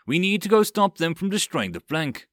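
A man's voice: a little high, sing-song, normal speed, a bit bright, no room sound, clean studio sound, pitched above the performer's own voice. A man voicing a stern veteran soldier who speaks bluntly and rousingly.

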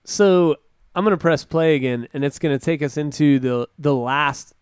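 A man's voice: a little high, moderate pace, clear, resonant tone, no room sound, clean studio sound. A young man co-hosting a casual album review podcast, laid-back, saying dude and like a lot and laughing easily. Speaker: podcast host.

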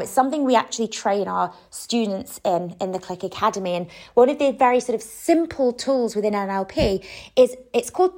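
A woman's voice: medium pitch, a little mellow. A woman podcast host and coach giving conversational advice, with frequent "you know" and "sort of" fillers.

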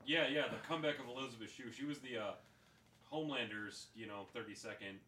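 An excitable man co-hosts a casual podcast with emphatic bursts. His bright, lively voice sits back from the mic in a roomy space, with faint noise behind it. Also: medium pitch, fast, recorded from a distance. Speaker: podcast co-host. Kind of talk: casual chat.

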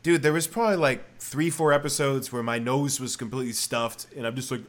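A man's voice: medium pitch, steady tone, brisk. A man hosting a casual video-call interview, chatting in a friendly, easygoing way. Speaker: host.

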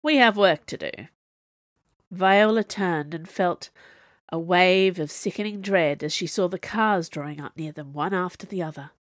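A woman's voice: lowish voice, moderate pace, dry recording, studio quality. A woman reading an audiobook in a wry, conversational narrating voice. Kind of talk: scripted narration.

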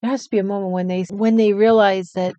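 A woman co-hosting a podcast book discussion, playful, teasing and quick to laugh. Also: medium pitch, fairly even intonation, dark tone, dry recording. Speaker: podcast co-host. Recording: dull, lo-fi sound.

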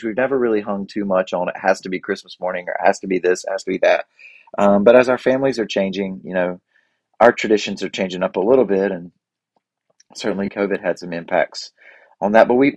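A man in his forties with a fairly low voice, chatting in a relaxed, rambling way full of fillers and little restarts. The sound is dry and close, with no room echo. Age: 40s. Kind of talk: casual reflective chat.

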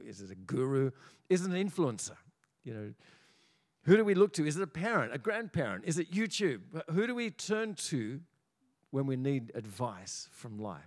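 An Australian pastor with a mid-range voice preaches in a church auditorium. He's animated, frequently repeating small words as he builds his points.

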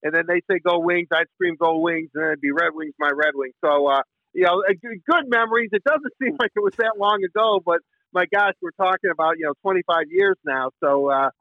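Man on a phone line, high voice, dry, rambling with lots of fillers. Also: fairly quick, no echo. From Michigan. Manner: bursts into singing the team song. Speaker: sports radio host. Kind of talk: casual interview storytelling.

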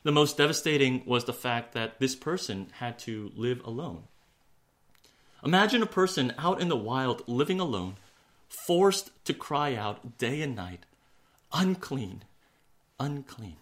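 A man preaching a sermon in an earnest way, slowing for emphasis and sinking to a hush on key words. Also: mid-range voice, animated. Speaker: pastor.

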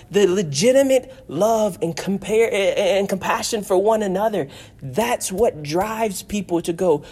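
A man's voice: sits high, lively intonation, measured pace, darkish tone, husky. A male pastor delivering a sermon in an earnest, personal way. He stacks repeated phrases for emphasis, and his voice swells and falls back as he drives each point home. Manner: earnest, repetitive preaching with rising and falling emphasis.

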